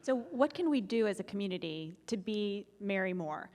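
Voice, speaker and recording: A woman moderating an onstage conversation, speaking haltingly with many fillers. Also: mid-range voice, expressive, darkish tone. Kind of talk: onstage interview. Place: large event hall. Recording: reverberant hall with faint noise.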